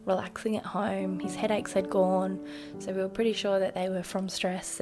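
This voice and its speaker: An Australian woman recounts a personal story as a podcast guest. Her voice has a gravelly, fry-tinged edge. She talks casually, often saying "like" and acting out what people said. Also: mid-range voice, darkish tone. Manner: conversational, recounting events with quoted dialogue and frequent "like". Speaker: interview guest.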